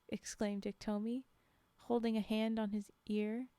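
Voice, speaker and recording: A woman's voice: on the high side, level tone, a little slow, dark tone, clear, resonant tone, no echo. A woman streamer reading folktales aloud on a live stream, breaking off for laughing asides to her chat. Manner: laughing asides to chat between read passages.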